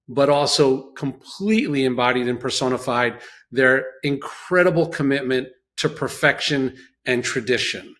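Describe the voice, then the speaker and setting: A man from the New York area, a chef guest telling stories in a casual chat and acting out quotes. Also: mid-range voice. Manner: storytelling, animated, acts out quotes.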